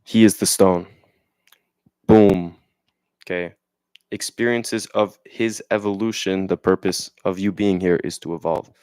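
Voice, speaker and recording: A man's voice: deep voice, steady tone, unhurried, long pauses, a little mellow, smooth, dry recording. A young man in casual talk, reading passages aloud and riffing on them in a rambling, slangy way, often asking "right?". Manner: reads passages aloud then riffs on them. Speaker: vlogger. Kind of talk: casual explanatory monologue.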